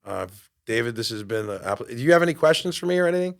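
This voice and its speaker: A man in his late fifties hosts his podcast from a studio, talking like a motivational coach. His voice sits at an ordinary middle pitch. He pushes hard on key words and then drops to a hushed, earnest tone. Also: fast, gravelly. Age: 50s. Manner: energetic, emphatic, swings from loud to quiet. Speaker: podcast host and fitness coach. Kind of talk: motivational talk.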